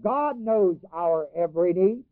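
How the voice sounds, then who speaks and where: This preacher sounds expressive and high-pitched, speaking a little slowly with no echo. He reads King James scripture in its archaic wording, explains it to the congregation, repeats phrases for emphasis, and lets them finish his lines. The recording is dry and phone-like.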